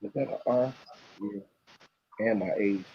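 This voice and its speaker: A man's voice: lowish voice, a little slow, dull audio, a little hiss or hum. A man talking casually to camera in a profane, musing, freewheeling way. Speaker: vlogger. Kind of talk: casual rambling talk to camera.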